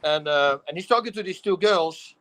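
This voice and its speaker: A middle-aged man with a Dutch accent, telling animated stories in a casual talk show. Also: a little high, normal speed, rough recording. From Netherlands. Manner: animated storytelling, acts out quotes, laughs often. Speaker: guest. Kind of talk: casual storytelling.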